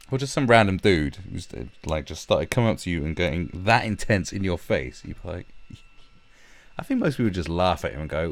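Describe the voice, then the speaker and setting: Deep-voiced man ranting bluntly. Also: animated, normal speed. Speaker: livestream commentary host. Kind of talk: casual ranting commentary.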